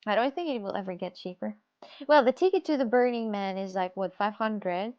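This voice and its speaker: A woman's voice: mid-range voice, brisk, dull audio. A woman making clay crafts on a live stream, rambling and repeating herself as she talks to her viewers, with a lilt. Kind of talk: casual live-stream chat.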